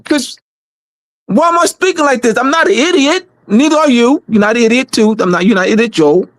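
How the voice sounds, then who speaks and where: An organizer hosts a community meeting in loose livestream talk, pressing points again and again and tripping over restarts. The voice sits at a middle pitch and swings from low and steady to raised and shouting. The sound is close and dry. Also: fairly quick, no echo. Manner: emphatic and repetitive, stumbles and restarts; shifts between low, calm delivery and raised, shouting emphasis.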